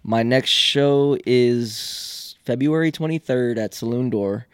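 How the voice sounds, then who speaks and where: A young man, a comedian, talking fast and loosely with plenty of swearing in a casual podcast chat. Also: mid-range voice, clean tone, no echo, clean studio sound. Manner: talks fast, swears a lot. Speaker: guest comedian.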